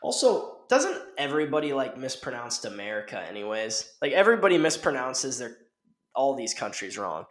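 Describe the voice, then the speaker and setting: A man's voice: mid-range voice, very animated, normal speed, fairly bright tone. A young man hosting a podcast in casual chat, rambling and laid-back, saying "like" and "dude" constantly. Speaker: podcast host. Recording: roomy echo.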